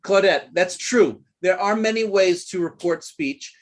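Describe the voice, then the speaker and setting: A man's voice: high-pitched, unhurried. Male English teacher, firm but patient, models sentences aloud. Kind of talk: online English lesson.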